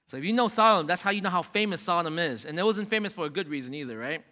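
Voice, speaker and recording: High bright-voiced preacher in a reverberant hall. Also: male voice, lively intonation, fast. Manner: casual, emphatic preaching with many restarts and rising repetitions. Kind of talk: sermon. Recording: long reverb of a large hall.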